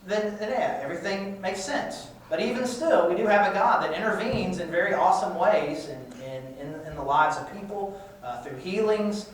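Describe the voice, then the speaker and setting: A man's voice: high-pitched, lively intonation, moderate pace, few pauses. A man giving a casual lecture to a class, talking conversationally with frequent restarts. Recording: echoey room, far-off mic, faint hiss.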